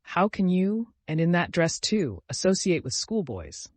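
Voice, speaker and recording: Lively, bossy invalid girl for an audiobook, read by a man, dry close sound. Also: no room sound. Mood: imperious. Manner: commanding, quick and high-strung. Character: sickly, capricious teenage girl, imperious and excitable. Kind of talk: audiobook character reading.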